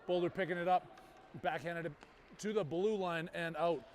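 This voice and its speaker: Male youth hockey commentator with a high voice, quick calls and playful asides. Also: fairly even intonation, a little hiss or hum. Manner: rapid play-by-play with jokey banter. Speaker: play-by-play commentator.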